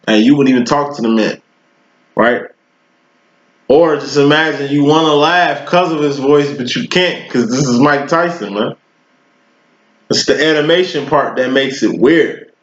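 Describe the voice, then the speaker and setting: A man giving a casual tarot reading, talking in a loose, slangy, profane way and spinning long rambling analogies. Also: mid-range voice. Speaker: tarot reader. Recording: roomy, dull lo-fi recording.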